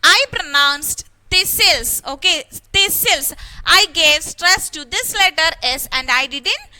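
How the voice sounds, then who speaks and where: A woman teacher giving an online lesson, spelling out letters slowly and repeating words with stress. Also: sits high, pushed and bright. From India.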